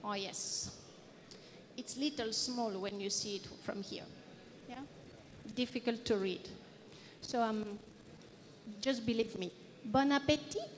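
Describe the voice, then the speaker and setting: A woman's voice: a little high, steady tone, slow pace, pauses often. A woman from France with a French accent, giving a playful interactive lecture and quizzing her audience. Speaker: guest lecturer. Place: conference hall. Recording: reverberant hall.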